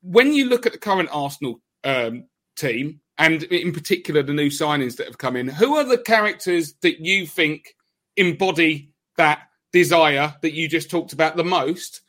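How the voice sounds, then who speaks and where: A man's voice: on the high side, animated, normal speed, a bit bright. A man hosting a podcast from a hotel room on a laptop microphone, enthusiastic and rambling through his questions with many fillers. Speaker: podcast host. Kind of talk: casual podcast chat.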